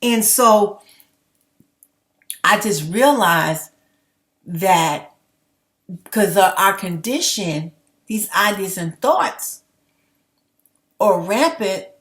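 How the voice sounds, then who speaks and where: A woman's voice: mid-range voice, a bit bright. Young adult woman, passionate commentary rant, plain-spoken and profane. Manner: blunt, swears, rambling and passionate. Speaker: commentary vlogger. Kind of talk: heated opinion rant to camera.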